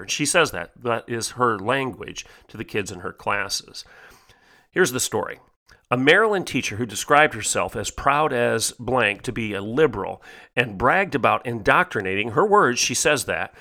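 A man's voice: mid-range voice, bright, forceful tone. A middle-aged man hosting an opinion podcast, reading from an article and commenting in an emphatic, scolding manner. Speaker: podcast host.

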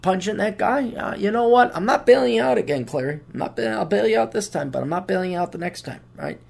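A grumpy, condescending male guardian angel scolds and curses with a stern edge, as a man puts him on. The voice swings up and down in pitch while he lectures. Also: lively intonation, fast talker, creaky, a little mellow, full character voice. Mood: scolding.

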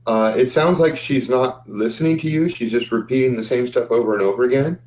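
A man acting as game master, describing scenes in a steady storytelling way. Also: medium pitch, fairly quick, rough recording. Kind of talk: narrating a tabletop game.

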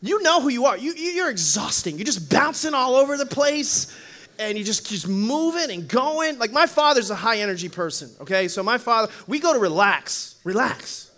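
A male pastor preaching a humorous sermon in church, telling animated stories and acting out voices with frequent laughter. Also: extremely high pitch, normal speed. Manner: animated storytelling, acts out voices, laughs often.

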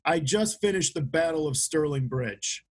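A man's voice: on the high side, expressive, normal speed, breathy edge. A man chatting casually on a podcast, rambling with restarts and fillers as he describes a book. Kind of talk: casual chat.

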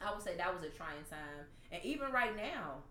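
A woman telling an emotional faith testimony in casual conversation, animated and laughing at times. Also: on the low side, normal speed. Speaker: guest sharing testimony. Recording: echoey room, faint noise.

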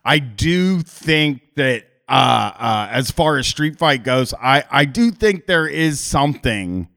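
Male podcast host, casual chat, rambling storyteller, swears freely, mid-pitched voice. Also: lively intonation, takes it slowly, creaky, a bit bright. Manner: rambling, frequent restarts and swearing.

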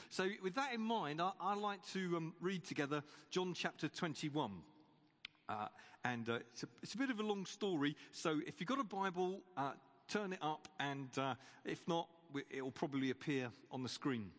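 A man's voice: on the high side, lively intonation, normal speed, fairly bright tone. A man preaching a sermon in a chatty, stop-start way, retelling a Bible story. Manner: conversational, with frequent restarts and repeated words. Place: church. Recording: long church reverb.

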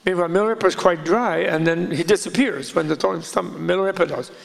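A man with a high, very gravelly voice tells an old legend in a loose, chatty ramble, full of asides. His voice carries a long echo from a large hall. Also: fast. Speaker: storyteller. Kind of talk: casual retelling of a legend.

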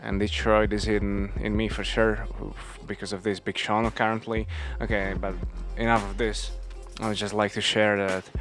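A man's voice: fairly low pitch, flat delivery, normal speed, hardly any pauses, a bit bright, soft background music. A young man from a small post-communist industrial town, speaking non-native English with North American touches in a rambling, slangy vlog monologue on a new home microphone. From small industrial town in a former communist country. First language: not English. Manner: rambling, slangy, laughs to himself. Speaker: vlogger.

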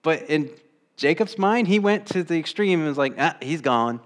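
A male pastor preaches a sermon conversationally at a normal speed, his voice on the high side. He asks the congregation rhetorical questions and acts out quoted voices with bursts of energy.

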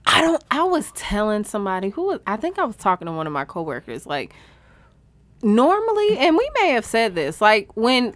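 A woman co-hosting a podcast in casual chat, chiming in with quick remarks. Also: a little high, huge pitch swings, a bit bright, no room sound. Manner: reacts with quick comments, laughs along. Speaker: podcast co-host.

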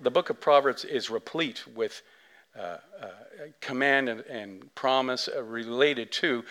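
Animated storytelling male pastor. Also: mid-range voice. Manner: animated storytelling, big swings from soft to loud; conversational, many fillers and asides. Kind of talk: sermon.

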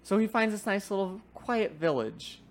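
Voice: medium pitch, big pitch swings, moderate pace. Enthusiastic podcast co-host recapping a game. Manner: enthusiastic recapping, frequent fillers. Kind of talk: casual game review chat.

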